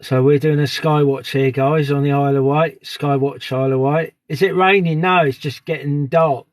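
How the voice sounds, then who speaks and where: A man's voice: a little high, steady tone, normal speed, no room sound. A man live streaming outdoors at dusk on a phone, chatting casually and greeting viewers by name. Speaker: live streamer on a sky watch.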